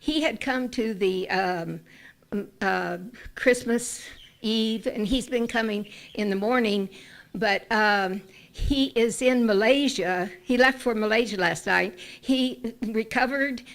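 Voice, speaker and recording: A woman's voice: a little high, takes it slowly, vocal fry. A woman talking to a congregation about a friend, rambling and hesitant with many fillers. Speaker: congregation member making an announcement. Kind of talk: casual announcement to a congregation.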